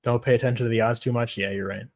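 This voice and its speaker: Foul-mouthed excitable male streamer. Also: medium pitch, rapid-fire. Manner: profane, excitable, reads chat aloud. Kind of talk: casual livestream chat.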